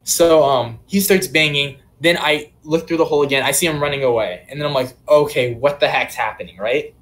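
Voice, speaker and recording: A young man tells a long story from his own life to friends on a casual podcast. His voice sits a bit high for a man, and he rambles along with plenty of "like" and "um" fillers. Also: fairly quick, a bit bright. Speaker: podcast co-host.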